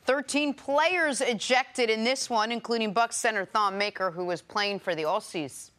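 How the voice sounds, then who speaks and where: A woman moderating a sports talk show, reading segues in a brisk, announcer-like way. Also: on the high side, fairly bright tone. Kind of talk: scripted show segues and casual chat.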